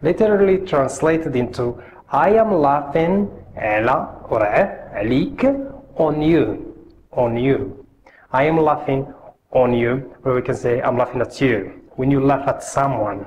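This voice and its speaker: A man's voice: mid-range voice, darkish tone. Young male tutor, patient and repetitive, mid-range voice, faint background hum. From Morocco. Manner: patient, repeats phrases slowly for learners. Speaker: language teacher. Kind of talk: online language lesson.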